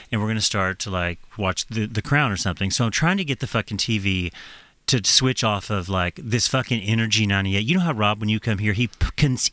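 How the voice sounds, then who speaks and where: A man casually telling a profane, animated story on a podcast, laughing as he goes. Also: fairly low pitch, dry recording.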